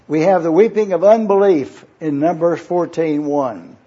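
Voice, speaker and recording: A man's voice: a little high, normal speed, mellow, breathy edge. A man preaching a sermon, repeating his points and spelling out Greek words letter by letter as he urges listeners to take notes. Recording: dull lo-fi recording.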